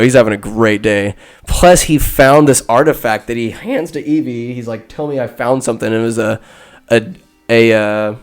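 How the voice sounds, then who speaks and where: A man hosting a podcast, recapping a film in a rambling, casual way with crude asides and quick quoted voices. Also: mid-range voice. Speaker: podcast host. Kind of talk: comedic movie recap.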